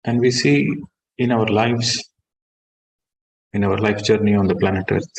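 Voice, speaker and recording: A man, a meditation teacher guiding a session and then giving a calm, measured spiritual talk that stresses key words. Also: on the low side, slight background noise, poor audio.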